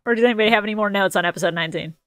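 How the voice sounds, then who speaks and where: A woman co-hosting a casual podcast chat, profane and quick to laugh, with animated outbursts. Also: mid-range voice, dry recording. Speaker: podcast co-host.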